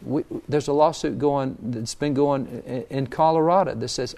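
Guy telling history stories on a talk show, emphatic, animated. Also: mid-range voice, slow pace, gravelly, long pauses. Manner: animated storyteller, emphatic, reads quotes aloud. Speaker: history guest. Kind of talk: conversational history lecture.

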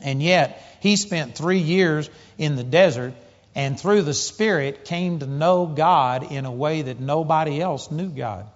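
Animated male preacher in an echoing hall. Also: measured pace. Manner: animated storytelling, rising pitch when excited. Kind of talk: sermon. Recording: muffled sound with long hall reverb.

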